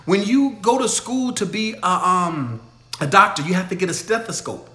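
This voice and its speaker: Preachy livestream dude hyping viewers up, kinda high voice, echoey room. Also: male voice, animated, normal speed. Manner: emphatic, preachy, shifts from shouting to low storytelling. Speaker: livestream host answering viewer questions. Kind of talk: motivational livestream talk.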